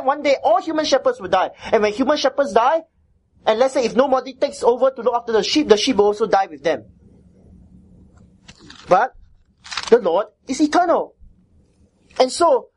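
A woman preaching a sermon as she teaches a Bible passage, with emphatic repetition and frequent "right?" checks to her listeners. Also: high-pitched.

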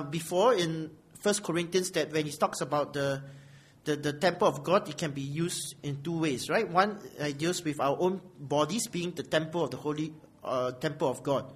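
A man's voice: fairly high pitch, slightly rough. A man preaching an expository sermon in a small church room, often asking "right?" and swelling on key phrases. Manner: questioning, often asks "right?".

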